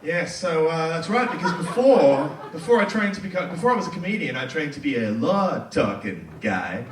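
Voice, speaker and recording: A man doing a stand-up comedy set in a comedy club, with a quick, playful delivery and loud acted quotes. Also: a little high, sing-song, roomy sound, distant mic, crowd noise.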